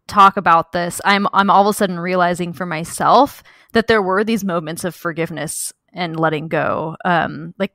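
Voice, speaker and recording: A woman's voice: lowish voice, fairly bright tone, no room sound, clean studio sound. A woman co-hosting a podcast, thinking aloud in a reflective, casual way. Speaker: podcast co-host.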